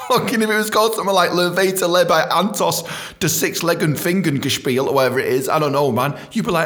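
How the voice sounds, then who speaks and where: A British man hosting a podcast, ranting profanely about his work as a dentist and mimicking people in quick voices. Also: a little high, animated, a bit bright. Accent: British English. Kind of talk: profane comedic monologue.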